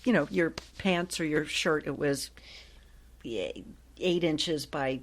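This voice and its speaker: Guest voice: woman in her sixties, lowish pitch, chatty and lively storyteller. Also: slow. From Ohio. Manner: lively, chatty, laughs often. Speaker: guest, actress and voiceover artist. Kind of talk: casual interview storytelling.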